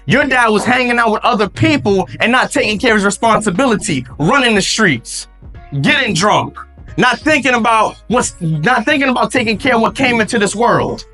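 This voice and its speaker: A sweet, chatty Southern country mom, put on by a man in a high falsetto. Her voice is soft and breathy-high with a lazy Southern drawl. She gushes fondly and swings lively in pitch. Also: moderate pace, faint music behind, exaggerated voice. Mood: frank. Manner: fond, gushing, dotes with "baby".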